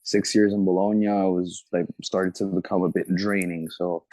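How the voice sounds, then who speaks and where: A man's voice: sits low, flat delivery, moderate pace, dark tone, no room sound, poor audio. A man from Ethiopia, a rapper answering interview questions in a loose, reflective way, with plenty of "like" and "you know".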